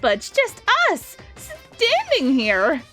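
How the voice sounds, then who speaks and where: Woman doing nervous teen schoolgirl, very high voice, swooping pitch, slow delivery, game character. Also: huge pitch swings, fairly bright tone, faint music behind, heavily acted. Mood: anxious.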